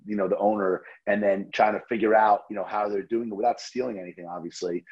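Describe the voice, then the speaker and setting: A man's voice: fairly low pitch, fast talker, slightly rough, highs cut off. A man with a New Jersey accent, a restaurant owner chatting as a podcast guest, telling stories animatedly and swearing freely. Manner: animated storyteller, swears freely, repeats words. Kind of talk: casual interview chat.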